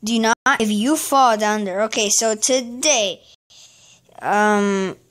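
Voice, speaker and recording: A woman's voice: medium pitch, slow pace, a bit bright. A woman giving casual gameplay commentary as a channel host, frustrated and exclaiming at the game as she plays.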